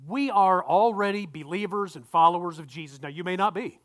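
A man's voice: high voice, a little fast, fairly bright tone. A male pastor giving a conversational sermon, often repeating words and asking the congregation questions.

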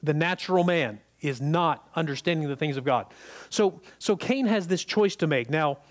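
High-voiced male preacher, conversational. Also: animated, normal speed. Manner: conversational, checks in with the congregation; repeats and restarts words when emphatic. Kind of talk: sermon.

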